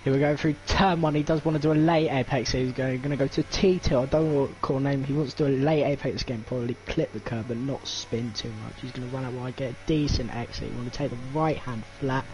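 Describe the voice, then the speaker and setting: A man's voice: medium pitch, steady tone, quick pace, few pauses, a little mellow, slight background noise, poor audio. A young man co-commentating a sim race, talking through a lap in coaching second-person phrasing. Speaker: co-commentator, strategy analyst. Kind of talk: sim racing lap analysis.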